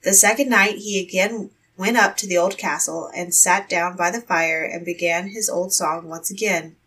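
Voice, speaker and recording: A woman reading a fairy tale aloud in a measured storytelling manner. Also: mid-range voice, bright, forceful tone, recorded from a distance, rough recording.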